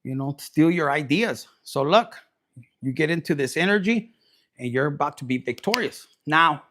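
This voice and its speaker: A man's voice: on the high side, animated, normal speed, fairly bright tone. Crude, joking man reading tarot. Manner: crude, joking, mixes in Spanish slang. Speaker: tarot reader.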